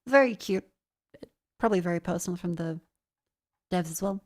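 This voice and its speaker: A woman's voice: fairly low pitch, moderate pace. Sweary, casual woman streamer. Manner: casual and sweary, laughs often. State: sinus infection.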